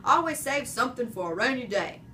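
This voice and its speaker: A woman voicing a jolly mustached male night janitor who booms, jokes and roars with laughter. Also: lively intonation, a little fast, sharp tone, far from the mic, a little hiss or hum. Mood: friendly. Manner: booming, jokey, big roaring laugh.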